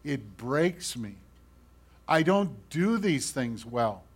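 Male pastor preaching, earnest, pleading, big swings between loud and quiet, questions to the congregation. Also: mid-range voice, very animated, slow, slightly rough. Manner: swings from loud emphasis to hushed, quiet asides. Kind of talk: sermon.

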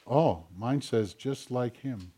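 A man's voice: medium pitch, takes it slowly, warm tone, slightly rough. A man, a pastor, preaching a conversational sermon and acting out quoted dialogue as he goes. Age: older.

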